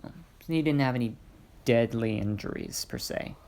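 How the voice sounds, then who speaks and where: A man's voice: mid-range voice, normal speed, gravelly, a little mellow. A young man casually reading his own fan-made story aloud, drifting into hesitant, rambling asides. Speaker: fan fiction narrator.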